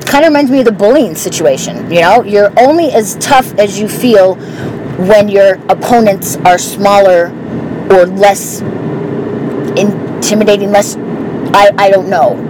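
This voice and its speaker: A woman's voice: medium pitch, unhurried. A woman telling stories in a candid, profane, casual way while she drives her car. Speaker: vlogger. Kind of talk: casual monologue while driving. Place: inside a car on the road. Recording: loud road and car noise.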